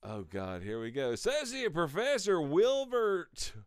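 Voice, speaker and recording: A man's voice: sits high, very animated, measured pace, smooth. A man hosting a podcast who reads news headlines and cracks sarcastic jokes about them. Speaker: podcast host. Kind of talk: comedic news reading.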